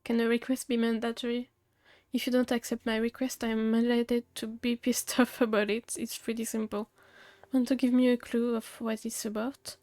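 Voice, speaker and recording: A woman's voice: a little high, little pitch movement, normal speed, darkish tone, no echo, studio quality. A woman streamer reading game dialogue aloud in a matter-of-fact way, with small asides of her own.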